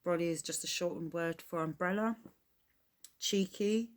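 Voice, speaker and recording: Low-voiced English woman explaining slang. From England. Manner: chatty, explains slang with quick laughs. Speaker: reaction video host. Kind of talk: casual reaction commentary.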